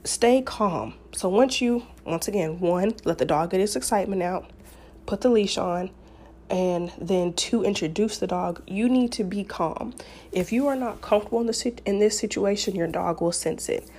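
Chatty woman with a mellow voice. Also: medium pitch, moderate pace, slight background noise. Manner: chatty, rambling, many fillers and restarts. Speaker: podcast host. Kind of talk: casual advice talk.

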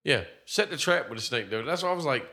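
A man's voice: mid-range voice, lively intonation, fast talker, sharp tone. A man in casual, profane chat, animatedly retelling a movie's plot with a co-host.

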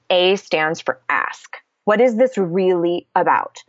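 A woman with a fairly low voice talks through her ideas in a casual conversation. She is candid and explanatory and swears freely. Her recording sounds dull and dry, close to the mic. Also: a little slow, no echo.

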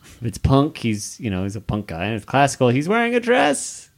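A man's voice: mid-range voice, huge pitch swings, brisk, vocal fry. A man co-hosting a podcast, casually retelling a comic book's plot step by step. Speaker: podcast co-host.

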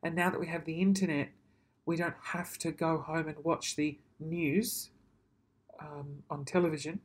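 A man's voice: a little high, fairly even intonation, moderate pace. A man ranting casually to camera, swearing freely and then apologising, in a rambling, self-deprecating way. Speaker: vlogger.

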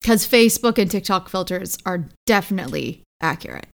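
A woman co-hosting a podcast in casual chat, sarcastic and quick to laugh. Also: on the low side, lively intonation, creaky. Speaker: podcast co-host.

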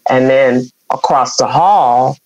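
A woman's voice: extremely low pitch, takes it slowly, darkish tone, no echo, highs cut off. Earnest woman telling a painful story. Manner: emotional, earnest, acts out quoted voices. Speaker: guest. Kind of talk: personal storytelling in an interview.

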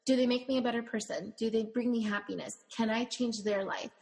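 A woman's voice: a little high, steady tone, a little fast, darkish tone. A woman who owns a bridal shop, telling emotional stories with quoted dialogue in a conversational interview. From Latina. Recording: long room reverb.

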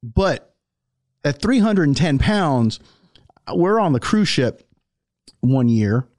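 A man's voice: a little high, slow pace, no room sound. Laughing man telling stories, dry sound. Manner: animated storyteller, laughs often. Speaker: podcast host. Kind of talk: casual chat, storytelling.

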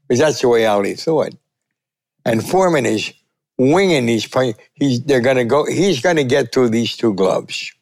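An older man, a veteran sportswriter telling a lively story and acting out the quotes. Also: normal speed. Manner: lively, acts out quotes with big pitch jumps. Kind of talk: animated storytelling.

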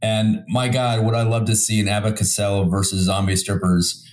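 A man chatting casually about a film, halting and full of restarts, laughing now and then. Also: fairly low pitch, level tone, reverberant, a little hiss or hum. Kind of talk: casual film-review chat.

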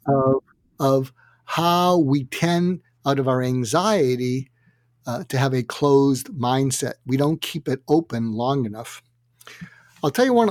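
A man telling anecdotes as an interview guest, animated and acting out quotes, with frequent fillers. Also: mid-range voice, no room sound, clean studio sound. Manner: animated, acts out quotes in other voices. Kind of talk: anecdotal storytelling.

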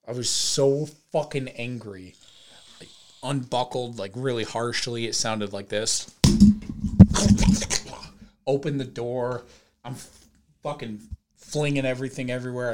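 A young man hosting a podcast, telling a story in casual chat with lots of swearing and loud acted-out quotes. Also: medium pitch. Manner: animated, profane storytelling with shouted quoted voices. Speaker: podcast host.

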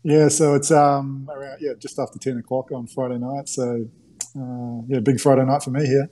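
Laid-back mellow-voiced Australian guest. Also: male voice, medium pitch, level tone, normal speed, poor audio. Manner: laid-back, dry joking.

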